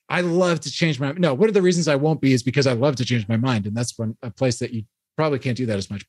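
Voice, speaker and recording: A man in his thirties, a podcast guest in a casual long conversation, talking fast and discursively about philosophy, filling his speech with "like" and "you know.". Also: a little high, no room sound, clean studio sound.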